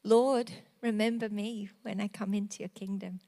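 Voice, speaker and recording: A woman preaching a devotional sermon, earnest and emotional, moving from loud emphasis to a hushed near-whisper. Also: mid-range voice, steady tone, normal speed.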